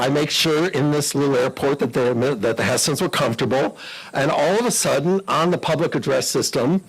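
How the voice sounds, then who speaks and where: An older man with a husky voice spins easygoing anecdotes for a club audience. He talks in a chatty, animated way and slips into the voices of the people in his stories. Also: on the high side, poor audio. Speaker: guest speaker at a club meeting. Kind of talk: anecdotal storytelling talk.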